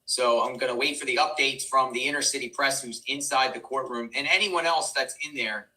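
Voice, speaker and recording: A man hosting a live news stream, reading courtroom updates aloud, halting and stumbling over words with excitable asides. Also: mid-range voice. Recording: distant mic with faint background noise.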